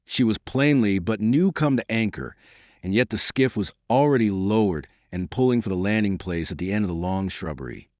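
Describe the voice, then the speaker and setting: A man reading an audiobook in a measured, formal storytelling manner. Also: lowish voice, a little mellow, dry recording, studio quality. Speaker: audiobook narrator. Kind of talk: scripted audiobook narration.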